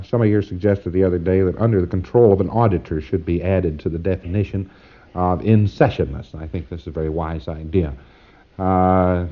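A man lectures trainees in a folksy, wry way, now and then acting out quick back-and-forth exchanges. His voice sits on the low side. The sound is dull and muffled, like an old tape recording.

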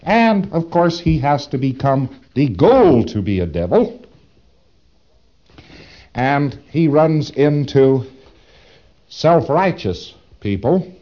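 A man's voice: fairly high pitch, big pitch swings, slow, long pauses, dark tone, lo-fi sound. A man giving a lecture, speaking dramatically with rhetorical questions and acting out his examples. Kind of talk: recorded lecture.

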